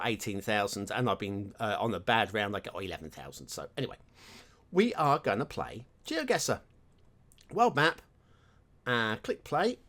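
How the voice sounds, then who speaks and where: A man's voice: medium pitch, a bit bright. A man hosting his own gaming channel, chatting and thinking aloud while commenting on his gameplay.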